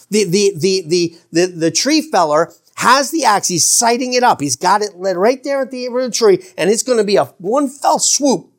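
A man preaching a sermon as pastor, earnest, slowing for emphasis and stumbling over restarts. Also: high voice, animated. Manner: shifts from slow emphatic phrases to quick asides.

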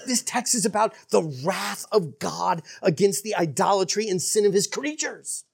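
Husky-voiced woman preaching with lively pitch. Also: moderate pace. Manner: earnest, emphatic preaching with hushed dramatic asides. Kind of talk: sermon.

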